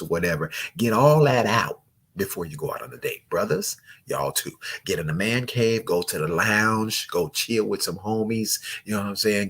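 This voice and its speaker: Husky, animated male dating coach. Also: on the low side. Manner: animated, preachy, joking. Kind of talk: live chat show.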